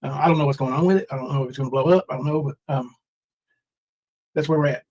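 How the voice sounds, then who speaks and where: This casual livestream host, a man in his forties, is a fast talker with a mid-range, slightly mellow voice. The audio is poor as he wanders through his troubles, reading chat names aloud and acting out mock sobs.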